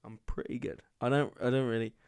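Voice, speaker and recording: A man's voice: medium pitch, level tone, fast, a little mellow, clean tone. A young man from England hosting his own podcast alone, chatting casually and rambling from topic to topic. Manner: rambling, chatty, self-deprecating. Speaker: podcast host. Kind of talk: casual solo podcast chat.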